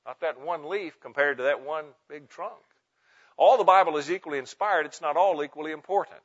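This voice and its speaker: A man preaching a teaching sermon to pastors, emphatic, slowing down and stressing single words. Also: fairly high pitch. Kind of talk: sermon teaching on Bible meditation. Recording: muffled lo-fi sound.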